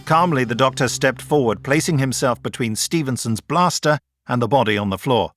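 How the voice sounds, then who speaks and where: Guy reading an audiobook, steady storytelling, dead dry studio sound. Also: medium pitch, dry recording, soft background music. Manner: measured, even storytelling. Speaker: audiobook narrator. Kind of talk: scripted narration.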